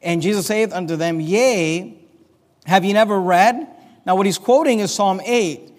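High-voiced man preaching in a reverberant hall. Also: a little slow. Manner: reads scripture aloud and explains it verse by verse. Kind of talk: expository Bible sermon.

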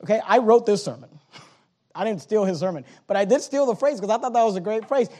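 This fast-talking, expressive preacher gives a church sermon that shifts from soft, low speech to loud, elevated exhortation. He often repeats himself and stammers as he restarts sentences.

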